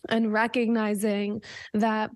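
A woman's voice: mid-range voice, little pitch movement, takes it slowly, no echo, clean studio sound. A woman hosting a podcast, talking earnestly about spiritual growth and sometimes swearing casually. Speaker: podcast host. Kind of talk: casual conversation.

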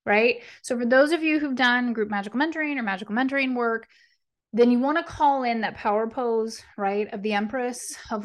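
A woman hosting a tarot reading, speaking in an animated, encouraging way and often checking in with her listeners. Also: on the high side. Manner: animated, encouraging, checks in with frequent "right?" and "okay?"; speaks affirmations with conviction. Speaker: tarot reader and podcast host. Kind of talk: casual spiritual guidance talk.

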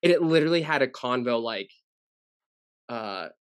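A man's voice: medium pitch, expressive, normal speed, smooth, no echo, clean studio sound. A man co-hosting a casual podcast, rambling through stories with lots of fillers. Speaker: podcast co-host.

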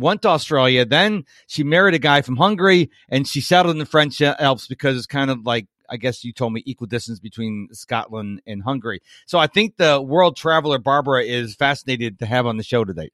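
A man's voice: mid-range voice, fairly quick, few pauses, fairly bright tone, dry recording, studio quality. A man hosting a podcast interview, talking in an enthusiastic, rambling way with fillers. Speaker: podcast host. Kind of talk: casual interview chat.

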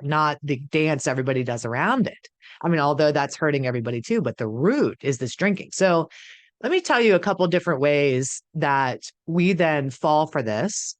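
A woman's voice: low-pitched, no room sound. A middle-aged woman coaching partners of addicts in an earnest, emphatic teaching talk, acting out the voices she quotes. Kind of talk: direct-to-camera teaching talk.

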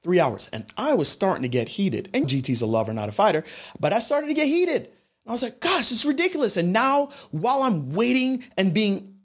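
A man hosting a solo podcast, speaking in a slightly high voice that swings up and down as he tells his story. He talks directly to his listeners in an animated, storytelling way. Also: normal speed. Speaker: podcast host. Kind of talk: podcast monologue.

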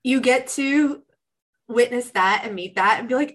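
A woman talking as a guest on a podcast, warm coaching chat that acts out inner voices with lively shifts. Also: on the high side, moderate pace, rough recording. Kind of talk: casual interview chat.

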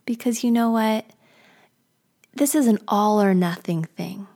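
A woman voicing crisp, prim Perfectionism. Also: medium pitch, unhurried, natural voice. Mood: cool. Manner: confiding, hushed. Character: prim, polished female Perfectionism, exacting and cool.

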